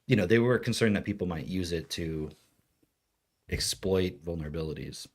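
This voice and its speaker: Very deep-voiced man rambling. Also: expressive, moderate pace, darkish tone, breathy edge. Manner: rambling, filler-heavy explaining. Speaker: podcast co-host. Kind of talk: casual chat.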